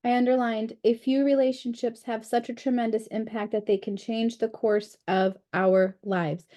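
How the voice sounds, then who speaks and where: A woman's voice: fairly high pitch, fairly even intonation, moderate pace, dark tone. A woman leading a book study group over a video call, talking in a chatty, candid way with frequent fillers. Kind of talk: casual group discussion.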